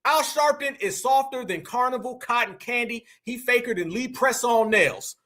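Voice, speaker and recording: Guy reacting to a clip, real high voice, bright and sharp, mocking the whole time. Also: normal speed. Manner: mocking, taunting, slangy street talk. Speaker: commentary host.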